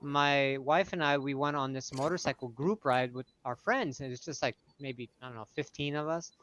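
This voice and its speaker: Bright-voiced man telling a story. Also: mid-range voice, normal speed, lo-fi sound, a little hiss or hum. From California. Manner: animated storyteller, acts out voices loudly. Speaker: live stream co-host. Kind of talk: casual chat, storytelling.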